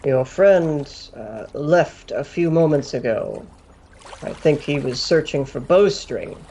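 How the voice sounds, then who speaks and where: A man voicing a gruff, formal male ship captain in a tabletop role-play, speaking in clipped sentences. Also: on the high side, animated, slow, darkish tone, a little hiss or hum, heavily acted. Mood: formal, terse.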